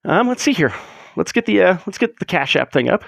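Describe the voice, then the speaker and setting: A man's voice: sits high, big pitch swings, brisk, vocal fry, no room sound, clean studio sound. A man hosting a casual livestream from a room at home, rambling with joking, sarcastic asides. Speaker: livestream host.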